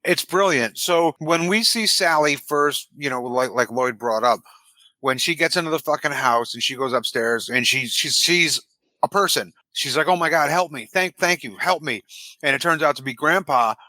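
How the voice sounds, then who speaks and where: Bright, animated, swearing male podcast host. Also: medium pitch, moderate pace, no room sound. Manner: animated, profane retelling. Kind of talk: casual chat.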